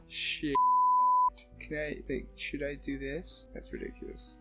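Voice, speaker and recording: A man with a slightly high, gravelly voice talks through his game in casual commentary. He is excitable, breaks into laughs and exclamations, and soft guitar music plays faintly behind him. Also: takes it slowly. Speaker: let's play gamer. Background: soft background music.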